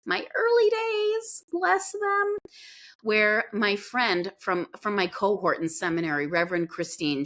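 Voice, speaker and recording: A woman guest in an interview, telling a story in an earnest, animated way. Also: fairly low pitch. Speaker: podcast guest.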